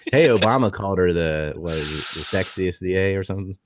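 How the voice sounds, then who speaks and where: A man's voice: low-pitched, background noise. A man on a live political discussion stream, talking in a crude, mocking way. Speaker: podcast panelist.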